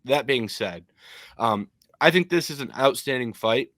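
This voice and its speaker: Young male podcast co-host, animated and opinionated, mid-pitched voice, dry close mic. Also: unhurried, no echo. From Michigan. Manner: animated, opinionated, frequent ums. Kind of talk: casual podcast chat.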